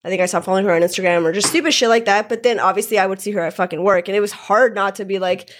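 A woman's voice: mid-range voice, fairly even intonation, rapid-fire, slight background noise. A young woman casually telling a long personal story on a podcast, rambling with lots of "like" and swearing. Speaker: guest telling her story.

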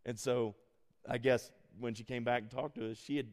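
A middle-aged man preaching a sermon, mixing scripture with animated personal stories that he laughs at. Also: medium pitch, moderate pace. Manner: animated storytelling, laughs at his own stories. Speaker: pastor. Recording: long hall reverb.

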